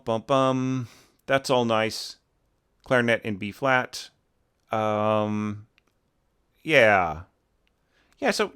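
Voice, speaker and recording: A man's voice: lowish voice, fairly bright tone. A man giving a casual, rambling critique of an orchestral score, full of fillers and sung snippets of the phrases. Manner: rambling, many fillers, sings phrases as bum bum. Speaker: orchestration teacher reviewing scores.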